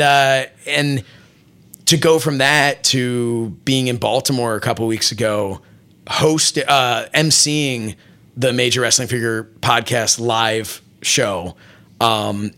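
A man in a casual interview, telling long rambling stories with lots of restarts and fillers. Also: medium pitch. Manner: rambling, many restarts and fillers, animated retelling. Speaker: wrestling interviewer and programming director.

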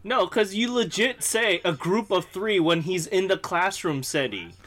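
Giggly, higher-voiced curious man. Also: expressive, measured pace, fairly bright tone. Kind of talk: casual chat.

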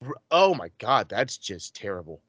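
A man asking wrestling trivia in a casual podcast chat, excitable and profane with rambling asides. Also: on the low side, normal speed, breathy edge, no echo. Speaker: trivia quizmaster.

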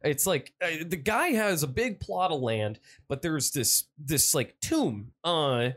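A man with a slightly high voice and very lively, swooping pitch rambles through a movie recap. He swears constantly and piles on filler as he tells the story. The talk is loose and casual. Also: slow. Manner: profane, rambling, animated storytelling. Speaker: podcast co-host.

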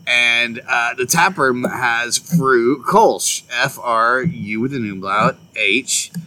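A man's voice: mid-range voice, slow, pushed and bright, low-quality recording. A man co-hosting a podcast in casual chat, telling stories and acting out his friends' lines with plenty of swearing. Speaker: podcast co-host.

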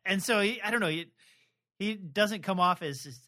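A man co-hosting a podcast, talking casually and haltingly with many fillers and restarts. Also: sits high, pushed and bright. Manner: rambling, hesitant, lots of fillers and restarts. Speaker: podcast co-host. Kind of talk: casual chat about a TV adaptation.

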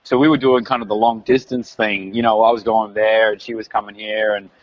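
A man's voice: fairly low pitch, flat delivery, fairly quick, no room sound. An Australian man, around his thirties, chatting casually as an interview guest, rambling with lots of fillers and restarts. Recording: dull lo-fi recording.

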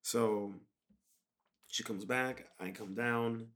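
Laid-back male podcast host, casual rambling solo talk, medium pitch. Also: steady tone, very slow, a bit bright. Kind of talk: casual monologue.

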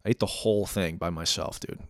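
A young man co-hosting a podcast in casual chat, animated, with crude humor and lots of "dude". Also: low-pitched, a little fast, no echo, studio quality. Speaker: podcast co-host.

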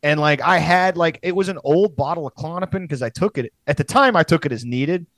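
A man's voice: a little high, brisk, a bit bright, dry recording. Profane rambling young man storyteller. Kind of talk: casual storytelling chat.

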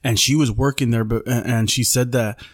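A man's voice: mid-range voice, fairly even intonation, normal speed, no room sound, studio quality. A man co-hosting a podcast, telling a story in laid-back casual chat, swearing freely and calling people bro and dude. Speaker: podcast co-host.

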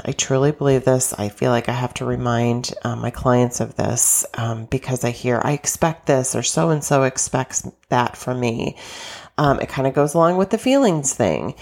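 A woman's voice: very deep voice, expressive, normal speed, hardly any pauses, darkish tone. A woman hosting a self-help coaching podcast, talking in a chatty, upbeat way with a stuffy, congested voice. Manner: chatty, upbeat, with small restarts.

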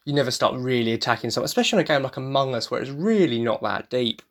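A man's voice: mid-range voice, animated, quick pace. A young man from the UK, a podcast host, tired and talking in a casual, rambling, frank way, swearing freely and laughing often. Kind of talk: casual solo chat.

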